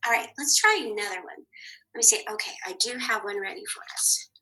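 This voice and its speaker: A woman teaching a children's phonics lesson, patient and clear, saying each word twice with the second higher. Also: brisk, bright, forceful tone, rough recording. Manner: clear, patient, sing-song.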